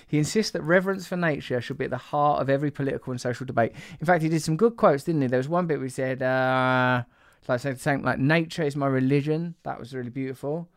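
A man's voice: mid-range voice, fast talker, dry recording, clean studio sound. Playful rambling male podcast host. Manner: playful, teasing, breaks into laughter. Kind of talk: rambling casual chat.

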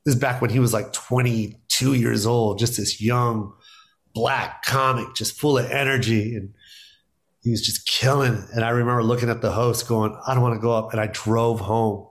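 A man's voice: mid-range voice, steady tone, moderate pace. A middle-aged man, a stand-up comedian, telling stories in casual podcast talk, acting out quotes and laughing often.

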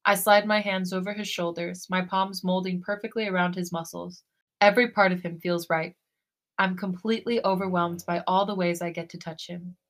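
A woman co-hosting a podcast, reading a romantic fan fiction story aloud in a soft, intimate way. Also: on the low side, steady tone, moderate pace. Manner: soft, breathy romantic reading, then gushing and giggly.

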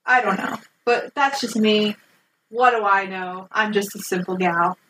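A woman's voice: mid-range voice, unhurried, a bit bright, distant mic, slight background noise, poor audio. A woman co-hosting a casual podcast, retelling a film plot in a chatty way, laughing and acting out the characters' lines. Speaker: podcast co-host recapping a film. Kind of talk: casual chat.

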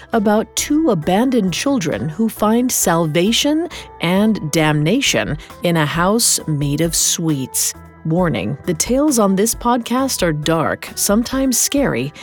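Woman narrating a dark fairy tale. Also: lowish voice. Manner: measured dramatic reading. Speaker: podcast host and narrator. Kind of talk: scripted storytelling narration.

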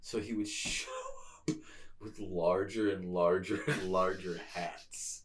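A man who pitches his own show, telling stories in a relaxed, jokey way in a casual chat. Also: takes it slowly.

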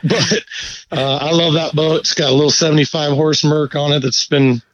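A man telling a fishing story in a laid-back, profane, animated way during a casual chat. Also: a little high, normal speed, highs cut off. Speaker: guest angler.

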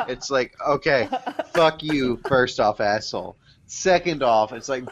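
A man's voice: mid-range voice, animated, takes it slowly, fairly bright tone, muffled recording, slight background noise. A man co-hosting a podcast, trading crude, profane jokes and rants in casual banter. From lives in Boston area. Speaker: podcast co-host.

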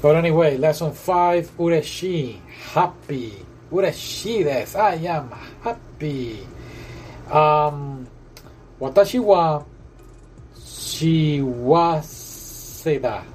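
A man's voice: fairly high pitch, expressive, slow pace, a little mellow, slight background noise, poor audio. A man working through a language app lesson, chatty and often repeating and correcting himself. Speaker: language tutor. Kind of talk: casual lesson walkthrough.

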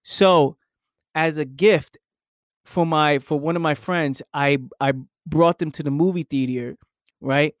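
A man's voice: a little high, fairly even intonation, slow, dry recording, studio quality. Man talking solo on his podcast. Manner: casual, repeats "right?" often, reflective. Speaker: podcast host.

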